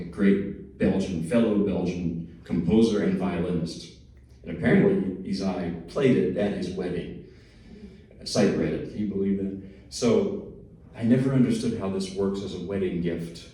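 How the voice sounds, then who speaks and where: A low-voiced man from New Jersey talks to an audience before he plays, chatty and self-deprecating, slipping in small jokes. His tone is warm and mellow. He sounds set back from the mic in a very echoey hall. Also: recorded from a distance. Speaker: pianist giving a lecture recital. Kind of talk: casual spoken introduction to a piece.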